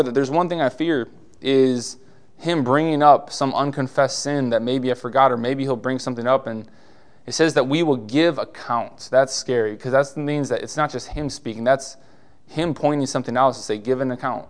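A male pastor delivers a sermon in a relaxed, conversational style, peppered with rhetorical questions and quick asides. His voice sits on the higher side.

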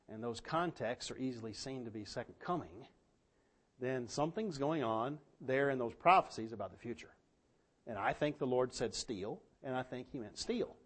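A man teaching a Bible study, talking casually with many fillers and reading scripture aloud slowly and with weight. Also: a little high. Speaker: pastor.

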